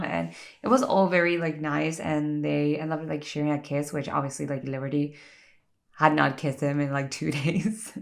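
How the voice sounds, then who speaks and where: A woman chatting in a relaxed get-ready-with-me vlog, her voice sitting low with heavy vocal fry. She talks in a chatty, animated way, full of "like" fillers. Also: moderate pace. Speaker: vlogger. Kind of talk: casual get-ready-with-me chat.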